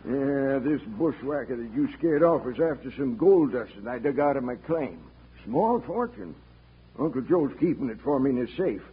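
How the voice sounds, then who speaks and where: A man's voice: mid-range voice, expressive, moderate pace, breathy edge. An actor playing a wary, folksy old prospector in a 1950s radio drama, drawling his words. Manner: drawling, folksy backwoods talk. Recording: tinny 1950s radio broadcast with faint hiss.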